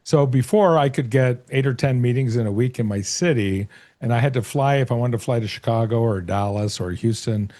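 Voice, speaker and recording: A middle-aged man, a sales coach being interviewed, explaining ideas through lively analogies and acted-out bits of dialogue. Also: medium pitch, a little fast. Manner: storytelling, acts out short dialogues and analogies. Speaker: sales coach and author, guest. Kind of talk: conversational interview.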